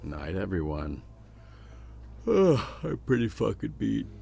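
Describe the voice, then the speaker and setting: A man's voice: on the low side, very animated, takes it slowly, gravelly, warm tone, slightly rough, exaggerated voice. An actor voicing a tired, crude male coworker in a video game, grumbling his goodnights. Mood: weary. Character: worn-out gruff male coworker.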